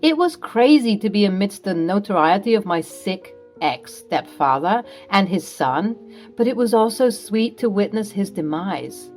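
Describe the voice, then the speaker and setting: A woman's voice: mid-range voice, expressive, measured pace, a little mellow, faint music behind. A woman narrating a scripted story in a dramatic, recounting manner.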